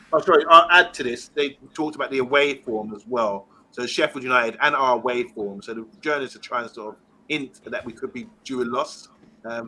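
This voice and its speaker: A man's voice: mid-range voice, pushed and bright, poor audio. A man hosting a casual fan live stream, reading out viewer comments and chatting. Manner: chatty, reads out viewer comments, laughs easily. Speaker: fan channel host reading live chat.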